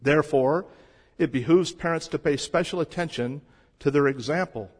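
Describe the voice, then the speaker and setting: A man preaching a sermon as a pastor, shifting between quiet stretches and loud emphasis. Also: on the high side, moderate pace, breathy edge, long reverb tail.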